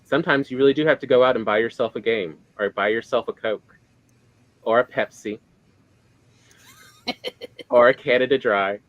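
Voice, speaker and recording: A man's voice: medium pitch, moderate pace, pauses often, no room sound, dull audio. A man hosting a podcast in casual chat, rambling with many fillers and restarts. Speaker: podcast host.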